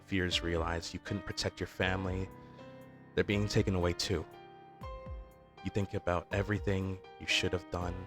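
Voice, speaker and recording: A man narrating a second-person audio roleplay in an informal way, with fillers and restarts. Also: low-pitched.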